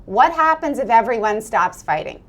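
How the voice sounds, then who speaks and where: A woman's voice: fairly high pitch, moderate pace. An American woman in her forties, a guest speaking fluently and with animation in an interview. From United States. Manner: fluent, animated, often laughing. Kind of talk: interview conversation.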